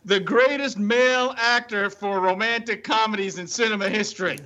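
Host: man with a high, crisp, bright voice, eager and gushing, dull lo-fi recording. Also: steady tone, moderate pace. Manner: enthusiastic, gushing reactions. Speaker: podcast host. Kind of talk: casual chat. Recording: dull, lo-fi podcast audio.

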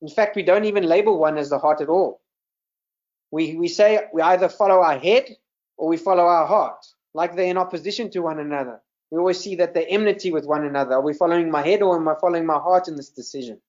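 A man's voice: fairly high pitch, quick pace, a little mellow, highs cut off. A man serving in ministry gives an earnest sermon over a video call, often repeating words as he teaches. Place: video call with screen share.

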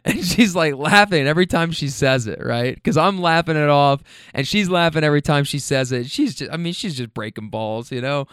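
Fairly high and quick, with hardly any pauses, this rideshare driver's clean voice comes through studio-quality with no echo. He casually recounts funny passenger stories, animated, laughing, and profane.

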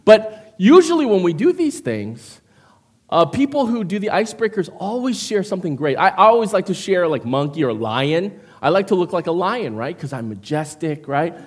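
A man's voice: high-pitched, very animated, moderate pace, slightly rough. A man in his fifties preaching a conversational sermon as a pastor, checking in with the congregation by asking "right?" and "okay?". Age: 50s. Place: church.

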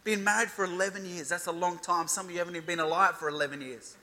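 A man's voice: high-pitched, fairly even intonation, fast talker, bright, forceful tone. A man in his thirties preaching a youth sermon, declaring and building emphasis as he reads scripture. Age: 30s. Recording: reverberant hall.

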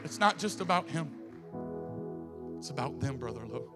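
A man preaching an impassioned sermon in a church, swinging between loud and soft. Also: fairly high pitch, animated, normal speed. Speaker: pastor. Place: church sanctuary. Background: music playing.

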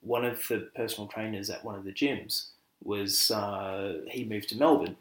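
A man's voice: on the low side, fairly even intonation, normal speed, fairly bright tone. A man co-hosting a casual chat, telling stories in a jokey way and acting out what people said. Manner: storytelling, jokey, acts out quoted dialogue. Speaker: co-host. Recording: roomy echo.

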